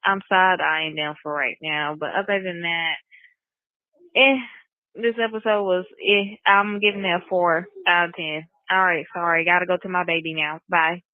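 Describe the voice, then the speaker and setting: A woman's voice: lowish voice, steady tone, normal speed, no room sound. A woman from North Carolina with a Southern country accent, leaving a casual, chatty voice message for a show. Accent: Southern American country. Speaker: caller. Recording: tinny phone voice message.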